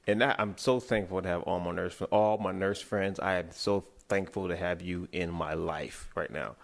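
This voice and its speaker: Male co-host, deep and gravelly, rambling casual podcast storyteller. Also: normal speed. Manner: rambling storyteller with many restarts. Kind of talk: casual comedic chat.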